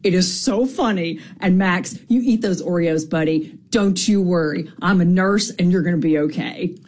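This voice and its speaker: A woman's voice: on the low side, moderate pace, darkish tone. A woman, a nurse, calling a radio show and gushing about nearly choking with laughter. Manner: gushing, breathless storytelling. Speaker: caller, nurse.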